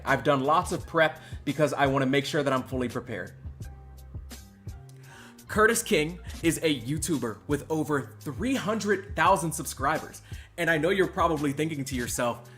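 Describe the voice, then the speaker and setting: Animated bright-voiced male streamer. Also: on the high side. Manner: mock-emotional, swinging between loud outbursts and hushed mumbling. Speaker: host. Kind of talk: livestream commentary.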